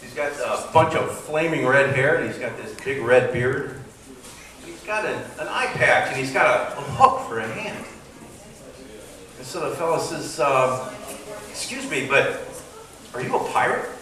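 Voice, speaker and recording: A man tells jokes live on stage in an animated way, slipping into character voices. His voice is bright and high with lively swoops. He is heard from far off in a very echoey hall with faint noise behind. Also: measured pace. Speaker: joke teller. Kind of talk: live stand-up joke telling. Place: stage at a variety show in a hall.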